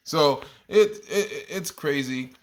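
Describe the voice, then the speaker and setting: Slow and animated, with a voice that sits a little high, a man who teaches kindergarten shares rambling stories about his class in a relaxed video diary. He keeps correcting himself and laughing at what he's telling.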